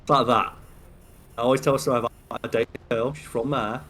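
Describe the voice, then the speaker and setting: A man's voice: medium pitch, level tone, very fast. A young British man whose speech slips into a Scottish lilt, co-hosting a game stream and rambling through stories in casual chat. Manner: chatty, rambling storyteller. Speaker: stream co-host. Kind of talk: casual chat over gameplay.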